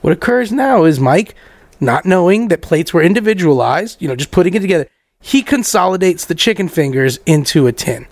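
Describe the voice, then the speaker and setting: A young man hosting a podcast, telling a story in a profane, animated way and acting out the other people's lines. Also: sits high, a little fast, no echo. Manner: profane, acts out every voice in the story. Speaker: podcast host.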